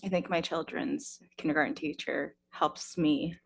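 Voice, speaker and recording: A woman's voice: low voice, fairly even intonation, unhurried, vocal fry, a little hiss or hum. A woman on a school board asking polite, curious questions, a little hesitant.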